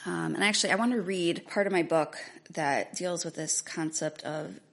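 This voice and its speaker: A woman in her thirties with a fairly low, gravelly voice speaks at a normal speed. She's an author sharing her own story earnestly, a personal testimony that includes reading aloud from a book she wrote.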